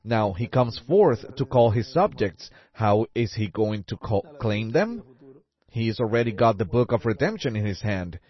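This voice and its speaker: Male preacher, animated sermon delivery, dull old recording. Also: lowish voice. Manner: fervent, rising exclamations, drawn-out emphasis.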